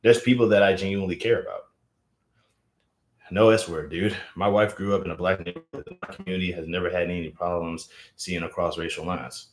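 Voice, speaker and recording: Rambling low-voiced man streaming. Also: steady tone, fairly quick. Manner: rambling, full of fillers. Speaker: live streamer. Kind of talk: casual live stream chat. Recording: roomy echo.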